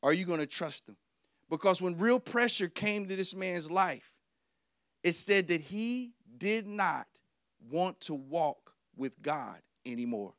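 High-voiced animated male preacher. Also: takes it slowly, no echo, clean studio sound. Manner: animated storytelling, repeats key lines, questions the audience. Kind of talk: sermon.

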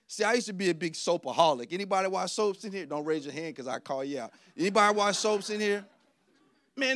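High-voiced animated male preacher. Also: moderate pace, dry recording, studio quality. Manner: animated storytelling, repeats key lines, questions the audience. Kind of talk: sermon.

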